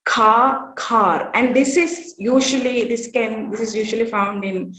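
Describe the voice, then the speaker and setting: A woman's voice: on the high side, a little slow, a bit bright. Woman presenting, roomy echo. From South India. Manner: careful, repeats each example word twice. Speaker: workshop presenter. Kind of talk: conference presentation.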